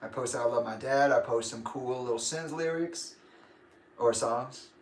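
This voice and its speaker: A man's voice: mid-range voice, a little slow, slight background noise. A young man hosting a casual livestream, rambling and grumpy, laughing often. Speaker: livestream host. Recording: echoey room.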